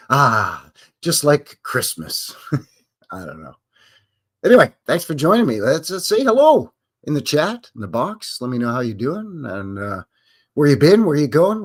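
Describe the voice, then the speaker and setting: Brief: Canadian stream host, loose, joking, swings up and down a lot as he talks. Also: mid-range voice. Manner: rambling, joking, greets chatters by name. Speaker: livestream host. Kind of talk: casual live-stream chat.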